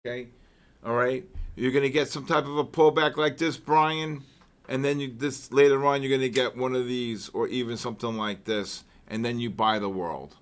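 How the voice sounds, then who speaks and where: Man, live trading commentary, rambling, repeats words, clears throat often, exclamatory asides. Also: mid-range voice, fairly even intonation, normal speed. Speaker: trading show host.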